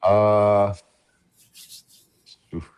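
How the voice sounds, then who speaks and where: Deep-voiced former player, relaxed. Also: male voice, extremely slow, smooth. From Mississippi. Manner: relaxed, reflective, many fillers and light laughs. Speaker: former college point guard, guest. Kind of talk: casual interview talk.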